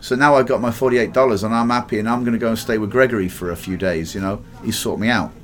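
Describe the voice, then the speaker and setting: A man's voice: fairly low pitch, fairly even intonation, fast. A man from England with an English accent, telling a rambling personal anecdote in a casual way, swearing freely and acting out the other people's lines. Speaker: guest telling a life story.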